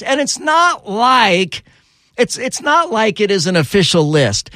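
A male radio host chats casually in a studio, his voice sitting a little high. He turns animated and exasperated, jumping way up in pitch when something annoys him. The sound is close and dry. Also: unhurried, no echo. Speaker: radio talk show host. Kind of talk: casual talk radio banter.

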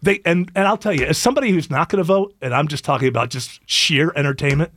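A man's voice: on the high side, fast talker, fairly bright tone, no echo, clean studio sound. A man hosting a talk radio show, giving wry, sarcastic opinions in casual comedic banter.

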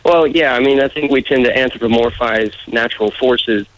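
A man's voice: mid-range voice, brisk, low-quality recording. A man with a muddled mixed accent, a political candidate answering radio interview questions in an easygoing way. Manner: easygoing, laughs off teasing.

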